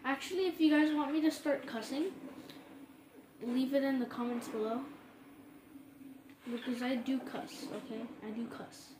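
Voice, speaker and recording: A woman hosting her own gaming channel, giving casual gameplay commentary full of excited exclamations. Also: high-pitched, normal speed, pauses often. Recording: roomy echo with steady background noise.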